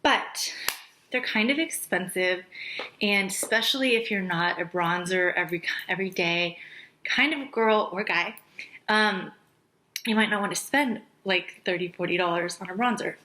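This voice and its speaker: Breathy young woman doing a makeup vlog, bright crisp voice, gushy and chatty. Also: mid-range voice, normal speed, rough recording. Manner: chatty, gushing, drops to a whisper on praise. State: out of breath, pregnant. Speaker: makeup artist and beauty vlogger. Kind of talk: casual beauty review chat.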